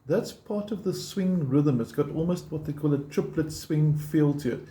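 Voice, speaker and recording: A man's voice: fairly high pitch, animated, moderate pace. A man teaching a guitar lesson, explaining picking step by step in a patient, encouraging way and counting beats aloud. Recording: roomy sound with loud guitar playing.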